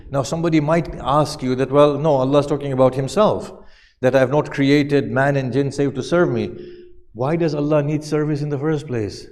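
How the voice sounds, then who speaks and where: A man's voice: fairly high pitch, fairly even intonation, normal speed, a little mellow. A man giving a religious lecture who recites verses, translates them and puts questions to his listeners. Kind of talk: Muharram lecture on Quranic verses. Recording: long hall reverb.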